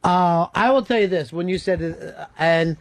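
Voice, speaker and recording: A man's voice: high voice, moderate pace, no echo. Wry storytelling radio host man. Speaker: radio talk show host. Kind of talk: casual studio banter. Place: radio studio. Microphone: studio mic.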